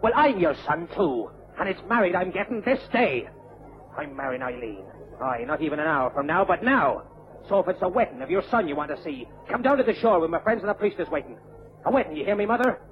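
An actor voices a hotheaded young Irish groom in a vintage radio play, defiant and bullying. His voice rides high with big swings. The old recording sounds muffled. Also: sing-song, fairly quick. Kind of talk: old-time radio drama acting.

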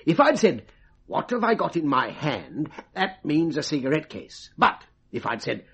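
A brash stage mind-reader, breezy and wheedling, full of slang. His voice is gravelly and husky, and it swings wildly up and down. This is vintage radio drama acting. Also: mid-range voice, exaggerated voice.

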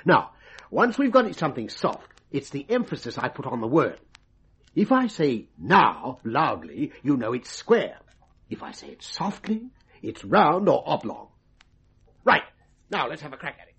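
An actor playing a breezy, wheedling stage mind-reader who talks in slang, in a vintage radio drama. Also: male voice, fairly high pitch, big pitch swings, moderate pace, fairly bright tone, slightly rough, full character voice. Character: brash cockney male stage mind-reader.

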